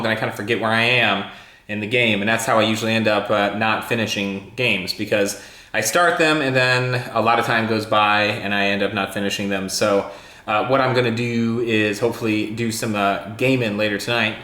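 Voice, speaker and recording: This is a casual home vlog in which a tech YouTuber tells the camera about his day, rambling and dropping plenty of ums and uhs. His lowish voice sounds pushed and bright at a moderate pace, and the indoor space is reverberant.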